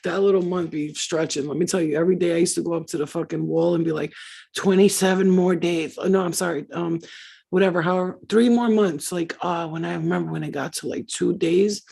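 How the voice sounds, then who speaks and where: A woman's voice: on the low side, fast, creaky, breathy edge. A middle-aged woman hosting a livestream, telling profane, laughing stories in casual chat. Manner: profane, laughing, animated storyteller. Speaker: livestream host.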